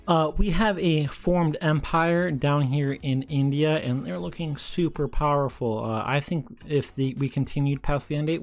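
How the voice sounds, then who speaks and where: A young man giving casual, rambling commentary over a strategy game, at times breaking into excited cheering. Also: mid-range voice. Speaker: gaming commentator.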